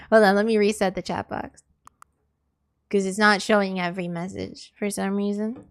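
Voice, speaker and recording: A woman's voice: mid-range voice, little pitch movement, normal speed, long pauses, clean tone. A woman streaming live, chatting casually and exasperatedly with her viewers in a rambling way. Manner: exasperated, rambling, talks to chat.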